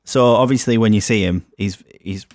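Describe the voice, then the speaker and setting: A man's voice: on the low side, normal speed, darkish tone, no echo, clean studio sound. A man co-hosting a casual film podcast, hesitant and full of restarts, reading out trivia. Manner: hesitant, restarts often, reads trivia aloud. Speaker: podcast co-host. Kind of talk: casual film review chat.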